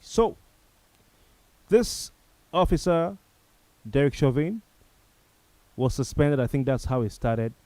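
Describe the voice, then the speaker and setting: A man hosting a late-night talk show delivers a solemn monologue straight to his viewers. His pitch sits in an ordinary middle range, and he leans on repetition to drive each point home. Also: warm tone, dry recording, poor audio. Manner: grave, repeats phrases for emphasis, addresses viewers directly.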